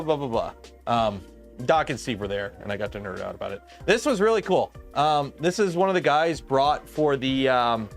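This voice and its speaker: Rambling livestream host, man, slight lisp, fairly high voice, faint music underneath. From Canada. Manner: rambling, lots of "um" and restarts. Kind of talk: casual livestream chat.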